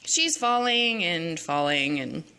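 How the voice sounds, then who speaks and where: A woman's voice: lowish voice, animated, slow, pushed and bright, clean tone. A woman narrating a silly story over her drawings in an offhand, goofy, chatty way.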